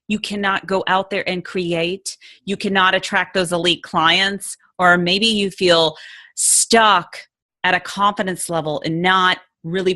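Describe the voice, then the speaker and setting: A woman hosting a podcast in an enthusiastic, animated way. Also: fairly low pitch. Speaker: podcast host.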